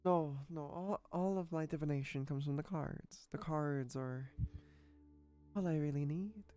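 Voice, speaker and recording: A man's voice: a little high, a little slow, dark tone, natural voice. A man voicing a young Irish woman fortune-teller who reads cards, friendly and obliging, with faint music behind.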